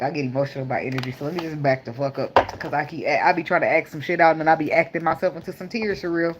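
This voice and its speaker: A woman's voice: low voice, quick pace, a little hiss or hum. A young woman giving a casual tarot reading, blunt, joking and full of swearing. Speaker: tarot reader.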